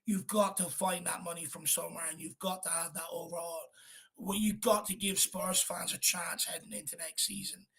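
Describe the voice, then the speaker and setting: Male fan host, high bright gravelly voice, blunt and fed up, swears freely. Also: little pitch movement, normal speed. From Ireland. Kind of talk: live football watchalong chat.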